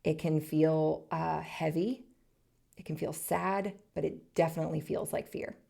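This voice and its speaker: Earnest woman podcast host in her thirties, low voice, encouraging solo monologue. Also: fairly even intonation, measured pace, vocal fry. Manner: earnest, encouraging, speaks in short soft phrases.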